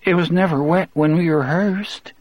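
A man's voice: on the high side, fairly even intonation, moderate pace, a little mellow, no echo, voice pushed up, natural voice. A man voicing a petty, sullen young male prison guard with a thin, strained voice. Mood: dazed.

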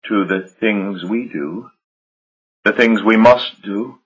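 Man putting on a frightened young woman vampire, anxious, pleading, raised strained voice, husky, dull audio. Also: fairly low pitch, lively intonation, a little slow, pitched above the performer's own voice.

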